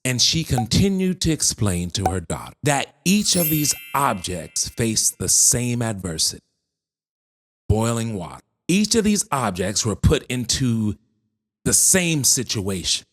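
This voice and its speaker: A male motivational speaker delivers an encouraging message with slow, weighty emphasis. He pauses for drama, and his pitch rises and falls widely. He speaks directly to his listener. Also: big pitch swings. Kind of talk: motivational speech.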